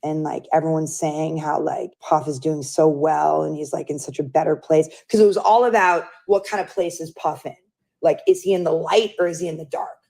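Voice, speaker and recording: A woman's voice: low voice, normal speed, creaky. A woman giving an interview, telling a story candidly and acting out what other people said. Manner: animated storyteller who acts out others' lines. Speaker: interview guest.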